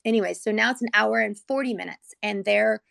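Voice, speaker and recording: Gravelly-voiced mother telling an emotional story. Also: medium pitch, brisk, fairly bright tone, no room sound. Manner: earnest and rambling, heavy with "like"; emotional, close to tears. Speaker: mother telling her son's hospital story. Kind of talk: personal storytelling, casual.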